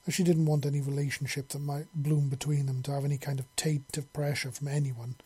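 A man narrating an audiobook story in a steady storytelling manner. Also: on the high side, a little fast, breathy edge.

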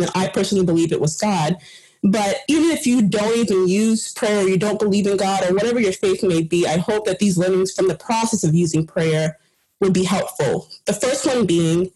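A woman on a podcast team telling a personal story in an earnest, animated way, laughing here and there. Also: mid-range voice, breathy edge, low-quality recording.

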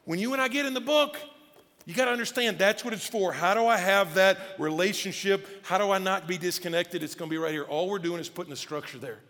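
A male pastor preaching a sermon in a conversational, animated way with casual asides, speaking. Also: sits high, quick pace. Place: church auditorium. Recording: long church hall reverb with faint music.

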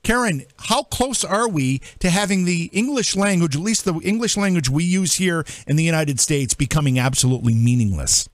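A man's voice: fairly high pitch, lively intonation, normal speed, few pauses, no echo. A man hosting a political commentary show, reading out lists and tossing incredulous rhetorical questions to his co-hosts. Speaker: host.

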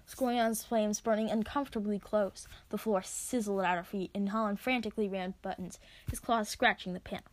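A woman reading her own story aloud, expressive as she narrates. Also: mid-range voice, moderate pace. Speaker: reader.

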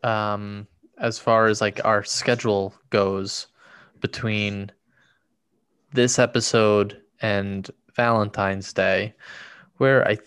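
A man co-hosting a podcast, chatting in a relaxed, agreeable way. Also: lowish voice, slow, clear, resonant tone, no echo. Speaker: podcast co-host. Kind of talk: casual chat.

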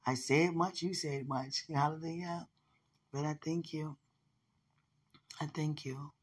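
Low, husky woman speaking tenderly. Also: fairly even intonation, slow pace. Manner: tender, rambling, with frequent "you know" and soft laughs. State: a little hoarse. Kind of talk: intimate spoken message to a loved one.

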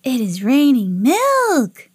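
Hungry little martians chanting in high slow voices, mom putting them on. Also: female voice, huge pitch swings, breathy edge, heavily acted. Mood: excited. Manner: chanting slowly in unison.

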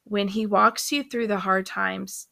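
A woman's voice: mid-range voice, level tone, measured pace, creaky, sharp tone. A middle-aged mother talking casually about faith and love as a podcast guest, earnest and affirming. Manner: earnest, affirming with frequent mm-hmms.

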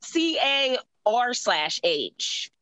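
A woman from Boston, a podcast guest, chatting in a laid-back, firm and jokey manner. Her voice is bright and a little high. It sounds close and dry. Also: sing-song, drawn-out words, clear, resonant tone, no room sound, low-quality recording. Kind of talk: casual podcast chat.

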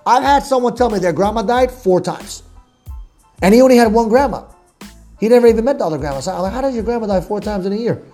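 A man with a warm, relaxed tone delivers a motivational sales talk. He talks bluntly, drops the odd curse, and stacks up repetitive lists to drive each point home. Faint music plays softly behind him. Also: high voice. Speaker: sales coach.

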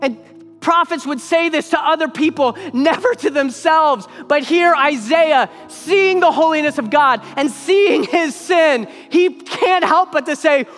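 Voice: high voice, measured pace, fairly bright tone. A preacher delivering an emphatic sermon, repeating phrases for weight, in a church sanctuary. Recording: long hall reverb with faint music.

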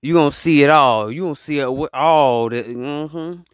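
A man hosting a solo podcast, talking in an animated, preachy way and calling out to his listeners. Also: fairly high pitch, normal speed, smooth, no room sound, clean studio sound. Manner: animated, preachy, call-and-response asides to listeners. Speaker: podcast host. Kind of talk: casual solo podcast monologue.

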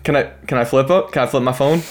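A man's voice: medium pitch, quick pace, loud music behind the voice. A man co-hosting a podcast in casual chat, easygoing and laughing often. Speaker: podcast co-host.

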